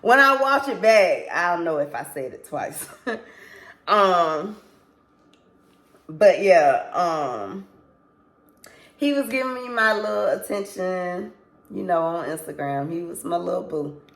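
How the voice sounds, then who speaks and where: A woman's voice: lowish voice, lively intonation, slow pace, long pauses, fairly bright tone. A woman vlogger telling a casual storytime to her viewers, candid and rambling, swearing freely and apologizing as she loses her thread.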